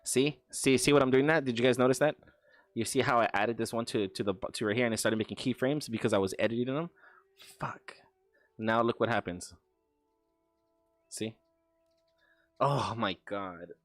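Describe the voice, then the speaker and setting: A man's voice: mid-range voice, no room sound, faint music behind. A man casually telling a ghost story while streaming, swearing often and stumbling into restarts. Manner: profane, halting, many stammered restarts.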